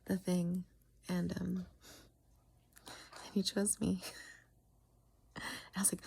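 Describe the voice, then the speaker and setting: A woman telling a long story casually, often dropping into a soft whisper and pausing with halting fillers. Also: mid-range voice, little pitch movement, gravelly, husky.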